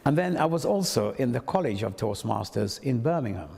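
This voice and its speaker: Speaking briskly in a large hall, this older Montserratian toastmaster has a medium-pitched voice with vocal fry. He animatedly tells anecdotal stories, voicing the quoted speech of each character.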